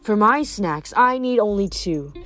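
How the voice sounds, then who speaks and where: A woman voicing a sleepy, mocking ancient earth goddess in a novel read aloud, soft and menacing. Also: mid-range voice, expressive, measured pace, faint music behind.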